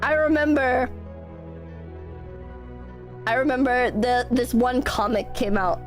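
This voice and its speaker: A young woman streamer with a high voice, hoarse and coughing from illness. She talks at an unhurried pace, mixing crude language with mocking impressions as she chats with her viewers. Soft music plays faintly behind her. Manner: animated, profane storytelling with mocking impressions. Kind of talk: casual chat with viewers.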